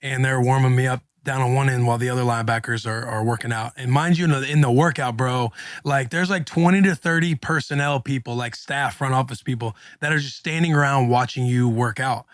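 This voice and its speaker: The thirtysomething co-host, formerly an NFL linebacker, talks a little fast as he relays a story in relaxed, slangy podcast banter, imitating the quotes. Medium pitch, no echo.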